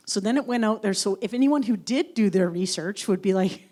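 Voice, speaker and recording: Woman guest author, mid-range pitch, wry storyteller in a casual onstage conversation. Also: fairly quick, hardly any pauses, warm tone. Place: university event stage.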